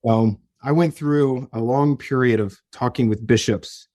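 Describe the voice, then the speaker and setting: A man's voice: mid-range voice, unhurried, a little mellow, no echo, studio quality. A young man, a podcast guest, telling his own story earnestly and emotionally, often restarting his sentences. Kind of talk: personal story in an interview.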